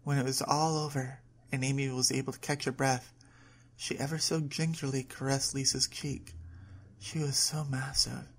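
A woman's voice: a bass voice, little pitch movement, moderate pace, slightly rough. Woman reading a story aloud. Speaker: narrator.

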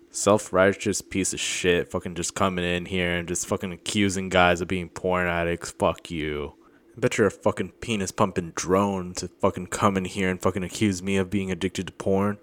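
A man doing a comedic rant, agitated and accusatory, rambling with constant swearing and filler words. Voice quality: low-voiced, heavy swearing, filler-laden rambling.

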